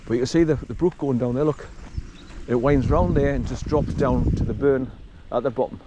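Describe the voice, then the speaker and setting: Here a walker narrates his hike casually, rambling on to the viewer along an outdoor forest track in the countryside. His medium-pitched voice keeps a moderate pace against background noise.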